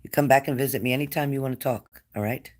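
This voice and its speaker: A man giving a spirit-medium reading to a client, gentle and coaxing, repeating his phrases. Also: medium pitch, quick pace. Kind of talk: reassuring psychic reading to a client.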